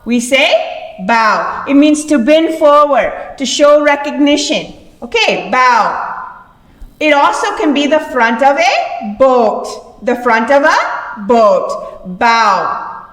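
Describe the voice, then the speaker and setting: A high-voiced woman teacher talks slowly and patiently, repeating each word as she explains it. She sounds set back from the mic in an echoey room with a long ring. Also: far from the mic. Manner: slow, patient, repeats words. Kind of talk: classroom lesson explaining words.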